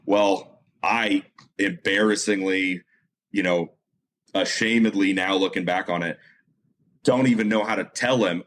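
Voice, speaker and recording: A man's voice: low-pitched, unhurried, a little hiss or hum. A man guest, a motorsport announcer, telling a story in a casual interview, full of fillers and restarts. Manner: animated storyteller, many fillers and self-repeats.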